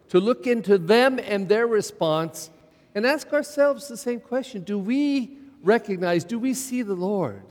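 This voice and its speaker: A man's voice: high-pitched, darkish tone. A middle-aged male pastor preaching a sermon in a church, repeating phrases for emphasis and asking the congregation rhetorical questions. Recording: church sermon with long reverb.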